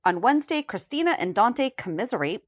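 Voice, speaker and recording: Chatty woman podcast co-host, lively pitch. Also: no room sound, lo-fi sound. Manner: chatty, reads episode headlines in a quick list. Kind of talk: casual recap chat.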